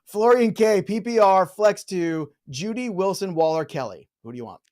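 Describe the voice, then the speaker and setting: Man, live-stream host, casual chat, joking, rapid-fire questions, slightly high-pitched. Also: lively intonation, a little mellow.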